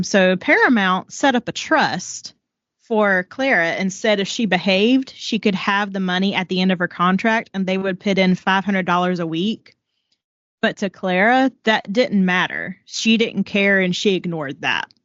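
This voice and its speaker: Her voice mid-range and a bit bright, a Southern-accented podcast co-host summarizes a biography at a measured pace in casual storytelling. She fills it with "um"s and book quotes, and the audio is lo-fi without echo.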